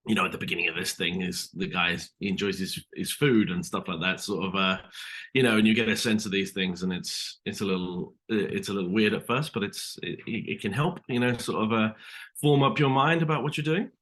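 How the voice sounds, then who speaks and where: British man, low voice, lots of fillers. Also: fairly quick, fairly bright tone. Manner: hesitant, many fillers and restarts. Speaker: actor guest. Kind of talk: casual interview chat.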